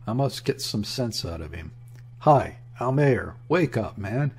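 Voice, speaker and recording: A man's voice: lowish voice, lively intonation, measured pace, a little mellow, breathy edge. A man voicing a polite young naval lieutenant who speaks formally and soothingly. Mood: urging.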